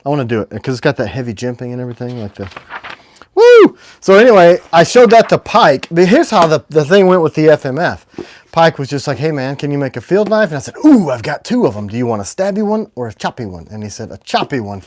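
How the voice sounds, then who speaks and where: A man's voice: on the high side, sing-song, quick pace. A man hosting a casual livestream as a knife maker, rambling and self-deprecating.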